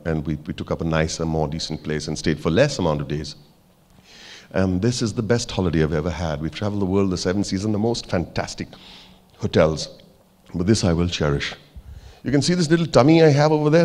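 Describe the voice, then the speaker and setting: A man giving a motivational keynote in a large auditorium, an animated, playful storyteller who banters with the crowd. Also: low-pitched, a little fast. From India. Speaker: keynote speaker. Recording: long hall reverb.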